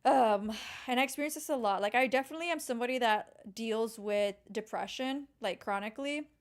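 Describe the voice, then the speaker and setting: A young woman co-hosting a podcast in a casual, animated chat, full of filler words. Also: fairly high pitch, fairly quick. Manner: animated, chatty, heavy use of filler "like". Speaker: podcast co-host.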